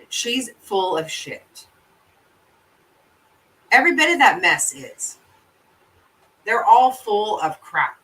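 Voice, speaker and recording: Blunt, bright-voiced woman streamer. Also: mid-range voice, big pitch swings, slow pace, long pauses, recorded from a distance, poor audio. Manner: blunt and profane, laughs easily. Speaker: livestream host. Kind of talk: casual chat reacting to viewer comments.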